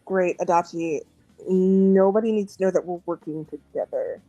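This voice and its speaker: A woman voicing a calculating young man in a tabletop game, speaking in a flat, curt way with a lowered pitch. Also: normal speed, dry recording, lo-fi sound, soft background music, lightly acted. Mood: cool.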